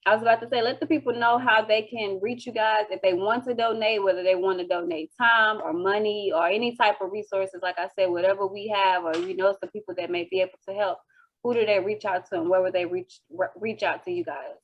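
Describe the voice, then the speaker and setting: A woman's voice: medium pitch, fairly even intonation, fairly quick, dull audio. A woman hosting a casual interview show, speaking in an encouraging, chatty way with many "you know"s. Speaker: host.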